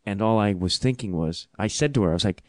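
Lively self-mocking male comic storyteller. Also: fairly low pitch, quick pace, no echo, studio quality. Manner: animated, self-deprecating, laughs often. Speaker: podcast host and comedian.

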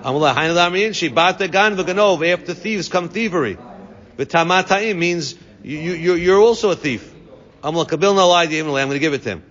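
A man's voice: high voice, a little fast, a bit bright. A man teaching a Talmud class to students, translating each Aramaic phrase into English. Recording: dull lo-fi recording, long reverb.

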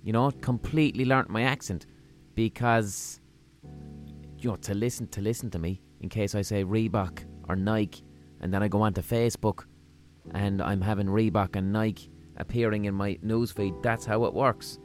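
A man with a Limerick Irish accent hosting a podcast, rambling through a casual comic monologue in a profane, deadpan-humorous way. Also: lowish voice, moderate pace, faint music behind. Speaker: podcast host.

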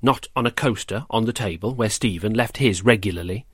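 A man's voice: fairly low pitch, a little fast, fairly bright tone, breathy edge, dry recording, clean studio sound. Man reading a rhyming bedtime story. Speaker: storyteller and host.

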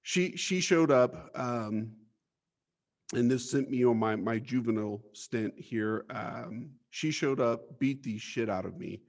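A man's voice: mid-range voice, slow pace. A man as an interview guest, telling his life story bluntly, with swearing and stammered restarts.

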